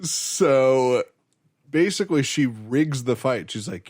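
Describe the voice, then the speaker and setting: Lively young man recapping an anime. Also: medium pitch, slow pace. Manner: animated, laughing, swearing storyteller. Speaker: podcast co-host. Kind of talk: casual anime recap chat.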